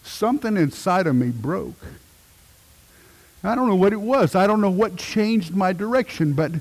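A middle-aged man, a pastor, preaching a sermon with emphatic swells and hushed moments. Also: high voice, lively intonation, moderate pace, in a large hall.

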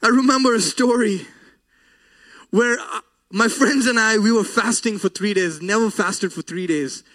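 Very high-voiced earnest male preacher. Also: moderate pace, a bit bright. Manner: earnest, emotional, voice often breaking. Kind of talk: sermon with personal story.

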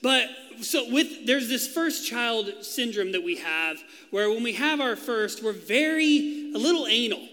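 A man's voice: extremely high pitch, animated, measured pace, hardly any pauses, bright, forceful tone. A man in his thirties, a pastor preaching a sermon, telling a funny story and acting out quotes before turning earnest. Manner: playful storytelling with acted-out quotes. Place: church hall. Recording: long hall reverb.

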